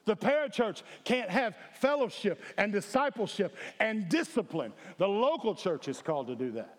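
Sing-song and high-pitched, this pastor's voice moves at a normal speed. He delivers his sermon with emphasis, urging the congregation to respond, and the sound rings through an echoey hall with long reverb.

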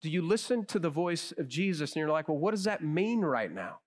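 A male pastor preaching a sermon, telling stories with emphasis and dropping to a hush on key phrases. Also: a little high, fairly quick. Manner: animated storyteller.

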